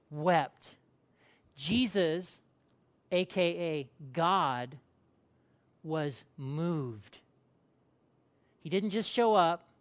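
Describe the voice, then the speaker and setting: A male pastor delivering a sermon in an animated way, acting out quotes and quizzing his congregation. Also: high-pitched.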